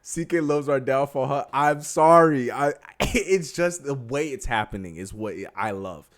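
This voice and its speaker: A man's voice: mid-range voice, expressive, unhurried. A man co-hosting a live sports talk stream, chatting casually and breaking into laughter often. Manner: giggly, keeps breaking into laughter and apologizing. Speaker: podcast co-host.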